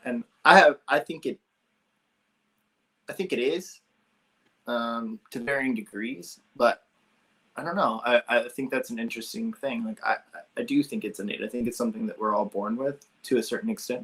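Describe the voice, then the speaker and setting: A man's voice: mid-range voice, fairly bright tone, slightly rough. A man hosting a podcast, talking in a thoughtful, hedging way with many restarts. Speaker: podcast host. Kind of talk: casual chat.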